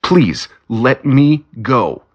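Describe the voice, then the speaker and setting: A man's voice: medium pitch, very animated, very slow, lo-fi sound, voice pushed up, exaggerated voice. A man voicing a nervous small-time male thief who pleads in a whiny voice. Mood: pleading.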